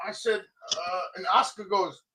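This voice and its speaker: A male podcast host telling a story in an animated, profane way. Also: sits high, measured pace, rough recording. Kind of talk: casual podcast chat.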